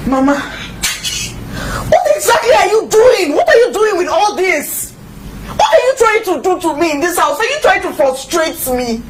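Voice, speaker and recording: A woman with a Ghanaian accent playing an indignant young wife who shouts in an amateur stage drama, heard from far off in an echoey, noisy hall. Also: high-pitched, lively intonation, a little fast, few pauses. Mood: outraged. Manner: shouting, exasperated confrontation. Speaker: church youth drama actor.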